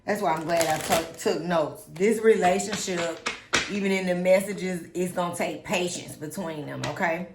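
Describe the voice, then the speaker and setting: Chatty tarot reader, echoey room. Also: female voice, lowish voice, moderate pace, heavy background noise. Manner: chatty, dramatic, talks to spirit and viewers. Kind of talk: casual tarot reading.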